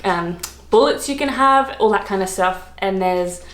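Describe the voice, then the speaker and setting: A woman from Australia with an Australian accent, chatting casually to camera in a rambling way, laughing often and filling pauses with ums and likes. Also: medium pitch, a bit bright, roomy sound. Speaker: vlogger. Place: room, lived in London.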